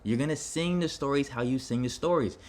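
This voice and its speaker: A man's voice: medium pitch, a little fast, darkish tone. A man giving an impassioned personal monologue to his viewers. He talks in a dramatic, rambling way, restarting his sentences and speaking straight to his audience. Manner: dramatic, addresses listeners directly. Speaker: vlogger on self-improvement.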